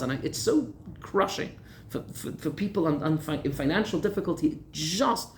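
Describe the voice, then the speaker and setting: A male rabbi telling a story in a lunchtime Torah class, animated and conversational. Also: on the high side, slight background noise. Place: lecture room in Gibraltar.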